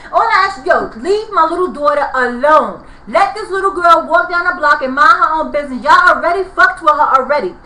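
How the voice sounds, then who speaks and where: Angry, high-pitched New woman ranting. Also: expressive, brisk, hardly any pauses, sharp tone, reverberant, low-quality recording. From New York. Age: 30s. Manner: heated, profane, repetitive ranting. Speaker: vlogger. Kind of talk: angry venting vlog.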